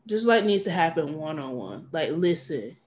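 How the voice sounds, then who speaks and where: A woman co-hosting a podcast in casual chat, animated and playfully petty, who often acts out what others might say. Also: deep voice, moderate pace. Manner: animated, acts out quoted lines with playful pettiness. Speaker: podcast co-host.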